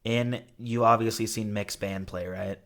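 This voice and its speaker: A young man in casual podcast chat, talking in a profane, mocking way and quick to laugh. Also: fairly low pitch, steady tone, fairly bright tone. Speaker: podcast co-host.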